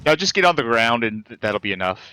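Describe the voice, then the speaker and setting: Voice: mid-range voice, very animated, quick pace, sharp tone. A co-commentator on a game stream, dry and teasing, chatting about the game. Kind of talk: casual let's-play chat.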